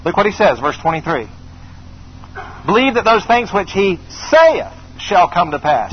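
A man's voice: high-pitched, very animated, measured pace, slightly rough. A middle-aged man preaching a sermon emphatically, repeating phrases and calling on the congregation to answer. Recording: slightly dull recording with faint noise.

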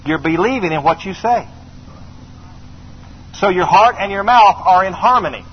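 A man's voice: high voice, expressive, normal speed, husky. A middle-aged man preaching a sermon emphatically, repeating phrases and calling on the congregation to answer. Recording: slightly dull recording with faint noise.

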